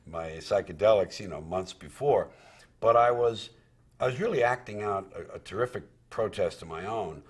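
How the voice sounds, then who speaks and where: A man's voice: low voice, slightly rough. A comedian recalling his career in candid, profane storytelling, acting out what he once said. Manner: candid and profane, acts out quoted dialogue. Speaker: stand-up comedian.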